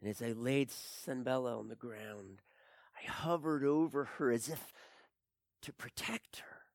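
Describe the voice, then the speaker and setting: A man performing a dramatic first-person monologue, swinging between hushed whispers and anguished cries. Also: mid-range voice, measured pace, no echo, studio quality. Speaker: storyteller.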